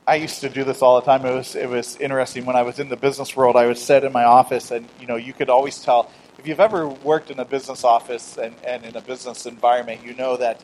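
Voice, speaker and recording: A middle-aged man preaching a conversational sermon, swinging from loud emphatic declarations to quiet storytelling with self-deprecating humor and acted-out dialogue. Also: medium pitch, slight background noise, poor audio. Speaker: pastor.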